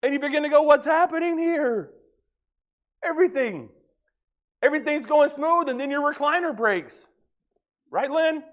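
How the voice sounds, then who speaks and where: A pastor preaching a folksy sermon, joking with the congregation and acting out little dialogues. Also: male voice, very high-pitched, moderate pace, long pauses, a bit bright, muffled recording.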